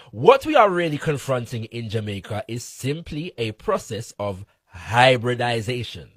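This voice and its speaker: A man's voice: medium pitch, no room sound. A man reading a formal scholarly essay aloud with emphatic delivery. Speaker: reader.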